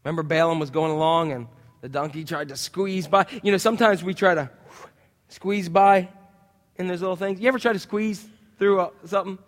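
A male preacher delivers a sermon with animated storytelling, acting out voices as he goes. His voice sits high for a man, and the church hall adds a long, lingering reverb. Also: a little fast. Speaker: pastor.

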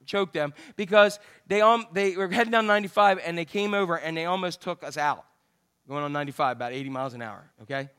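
A man preaching a sermon to his church, telling stories in an animated way and shifting between loud rants and quiet, earnest passages. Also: high voice. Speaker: pastor.

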